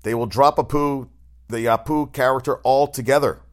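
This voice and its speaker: A man's voice: mid-range voice, steady tone, normal speed. A man hosting a casual talk show, rambling bluntly and swearing through sports and TV opinions. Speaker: show host. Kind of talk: casual chat.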